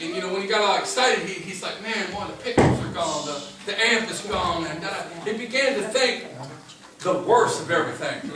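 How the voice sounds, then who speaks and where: A man preaching as pastor in a church sanctuary, folksy and storytelling, acting out the voices of the people he tells about. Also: sits high. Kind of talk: casual sermon talk. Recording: echoey church, distant mic, music behind.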